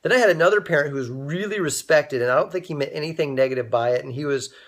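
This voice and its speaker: A man's voice: fairly high pitch, fast. A young man hosting a casual inspirational livestream, telling a personal story and greeting viewers by name as they join. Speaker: livestream host.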